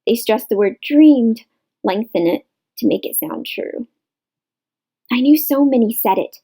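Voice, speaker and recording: A woman reading a novel aloud in measured literary narration, in a rough home recording. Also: a little high, animated, dark tone, low-quality recording. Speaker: audiobook reader.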